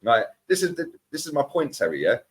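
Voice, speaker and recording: A man ranting as a football fan pundit, animated and mocking other fans. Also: mid-range voice, fairly quick. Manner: animated, mocks other fans in put-on voices. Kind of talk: heated fan rant.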